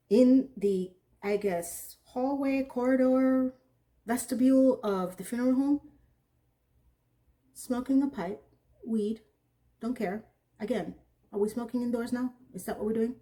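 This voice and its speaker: A woman giving a casual, animated TV episode recap, often acting out what she thought in an incredulous tone. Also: fairly high pitch. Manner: animated, incredulous, acts out characters' lines. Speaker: TV recap reviewer.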